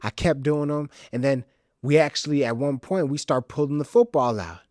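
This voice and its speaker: A young man from the Chicago suburbs hosts a solo podcast and spins stories with animated, comic exaggeration and casual slang. His voice sits a little high for a man. It sounds dry and close. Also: moderate pace, no room sound. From Chicago's South Side suburbs, Illinois. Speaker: podcast host. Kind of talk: solo storytelling monologue.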